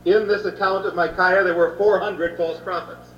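A man's voice: high-pitched, steady tone, normal speed, a bit bright. A man giving a Bible lecture, retelling scripture stories in plain everyday speech with many filler sounds. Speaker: Bible teacher. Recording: roomy, distant, dull old hall recording with faint hum.

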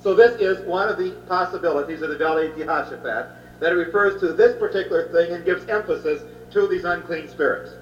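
A man's voice: a little high, a little fast. A man giving a Bible lecture, retelling scripture stories in plain everyday speech with many filler sounds. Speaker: Bible teacher. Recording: roomy, distant, dull old hall recording with faint hum.

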